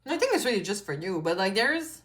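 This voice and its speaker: Very animated and quick, her mid-range voice carries a fairly bright tone. A woman whose first language is French, she does a chatty pick-a-card tarot reading, swearing often and saying "like" and "you know" constantly.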